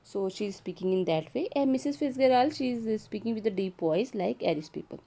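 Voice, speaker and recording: Teacher lady going over a play line by line, mellow voice. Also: medium pitch, lively intonation, a little fast. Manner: explains and rephrases every line simply. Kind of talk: explaining a play to a class.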